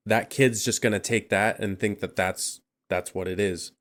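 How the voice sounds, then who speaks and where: A man co-hosting a podcast, recapping a horror movie in relaxed casual chat and laughing along. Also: on the low side, normal speed. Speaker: podcast co-host.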